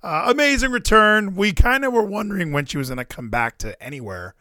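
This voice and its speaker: Lively, animated man chatting wrestling. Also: high voice, fairly quick, no echo, studio quality. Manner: animated, swearing, jokey. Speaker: podcast co-host. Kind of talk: casual wrestling chat.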